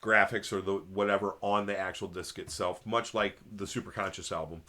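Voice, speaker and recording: A man's voice: deep voice, fairly even intonation, fairly quick, sharp tone. A man chatting casually as co-host of a band's show, rambling with many fillers. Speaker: band member and co-host. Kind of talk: casual chat.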